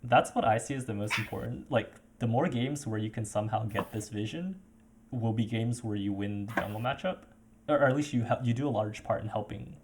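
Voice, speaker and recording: A man's voice: fairly low pitch, a little fast, noisy background. A man coaching a player over a voice call, talking casually with many fillers and restarts.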